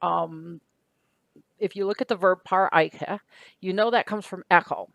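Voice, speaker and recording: A woman's voice: on the low side, fairly even intonation, a little slow, creaky, fairly bright tone, no echo. Woman teaching with a dry close sound. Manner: patient, methodical, talks through each word step by step. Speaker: Greek teacher. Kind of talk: recorded lecture.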